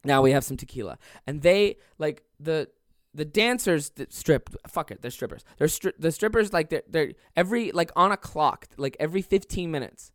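A man's voice: on the high side, expressive, moderate pace, no echo, clean studio sound. A young man telling a comedic story on a podcast, rambling and swearing, laughing as he goes. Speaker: podcast host.

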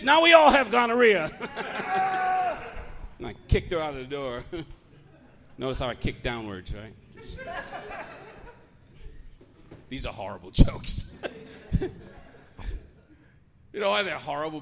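A man's voice: a little high, a bit bright. A Puerto Rican man hosting a live stand-up comedy show, telling jokes and laughing along at his own material. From Puerto Rico. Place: comedy club stage.

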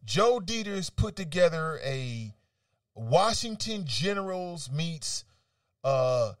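A man's voice: on the high side, a little slow, no echo, recorded from a distance. Guy ranting on talk radio, argues back at quotes he reads, dry sound, kinda off the mic. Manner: animated, argumentative, reads quotes then rebuts them. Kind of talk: opinionated talk radio commentary.

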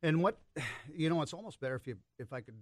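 Fast-talking man explaining a call. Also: a little high, expressive, no room sound, clean studio sound. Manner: quick, hands-on explainer. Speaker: duck-call expert guest. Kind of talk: casual explanation.

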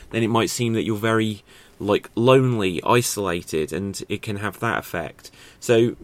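A man with a fairly low voice gives a loose, chatty acting lesson to camera. He thinks out loud, poses rhetorical questions again and again, and fills his speech with fillers.

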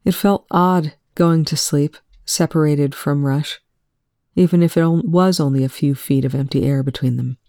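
A woman reads fiction aloud, slow and soft-spoken. Her low voice has a gravelly fry and a dark, mellow tone. The sound is close and dry. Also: fairly even intonation, no echo. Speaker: fan fiction reader. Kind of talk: reading fiction aloud, then casual commentary.

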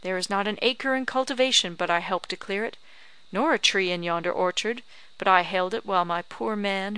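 A woman's voice: mid-range voice, clean tone, no echo, natural voice. A woman reader voicing a shrewd, tart old backwoods woman who haggles scornfully. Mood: mournful. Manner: sharp, bargaining, scornful. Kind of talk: audiobook character reading.

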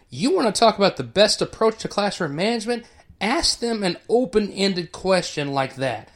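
A man's voice: sits high, fairly bright tone. A man, an educator, giving casual commentary in an explanatory, teacher-like way, chuckling now and then.

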